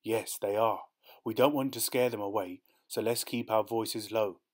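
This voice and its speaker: A man doing a gentle encouraging dad. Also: lowish voice, steady tone, moderate pace, natural voice. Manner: gentle, encouraging, soft-spoken. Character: patient, gentle dad on a fishing trip. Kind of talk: storybook read-aloud.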